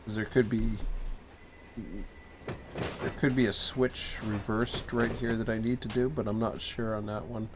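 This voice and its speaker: A man giving casual, thinking-aloud commentary while playing a train dispatching game, low-key and a bit sleepy. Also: level tone, measured pace, background noise. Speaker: streamer.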